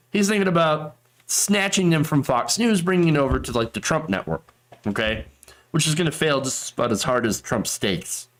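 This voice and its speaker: A man hosting a political commentary show, talking in a sarcastic, mocking way. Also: medium pitch.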